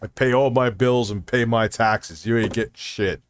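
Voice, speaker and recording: A man's voice: lowish voice, normal speed, noisy background. A man streaming from home, telling a heated, profane story and acting out the phone calls. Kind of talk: casual stream chat, ranting story.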